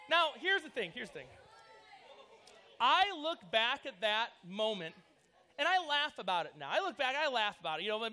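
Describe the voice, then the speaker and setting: This youth pastor has an extremely high-pitched voice and talks at a normal speed. He preaches a casual sermon to young people, telling stories in an energetic, chatty way packed with fillers.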